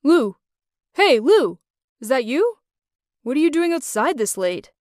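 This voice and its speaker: Woman doing a worried young guy, high, lively, slow and urgent. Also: no echo, clean studio sound. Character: worried young man, friend David.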